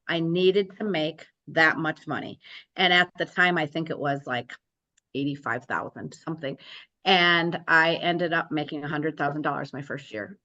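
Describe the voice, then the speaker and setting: A woman's voice: deep voice, pushed and bright, lo-fi sound. A woman in her sixties, a real estate broker, telling her story in an interview and acting out quoted dialogue.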